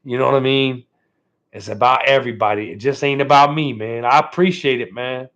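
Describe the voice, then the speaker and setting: The host of this casual home live stream is a man with a mid-range, fairly bright voice, fairly even intonation and a brisk delivery. He keeps things laid-back, thanking viewers again and again and ending phrases with "man." Sound quality is dull, lo-fi stream audio.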